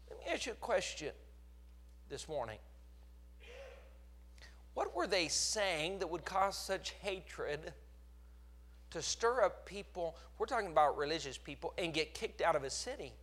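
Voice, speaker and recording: A man's voice: high voice, animated, a little slow, long pauses, bright, forceful tone. A man with a Texas accent preaching a sermon, with emphatic surges in volume. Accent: Texan.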